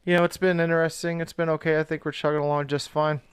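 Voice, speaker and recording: Young male co-host, clear resonant voice, crude and hyped-up banter. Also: a little high, flat delivery, quick pace. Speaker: podcast co-host. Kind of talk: casual banter.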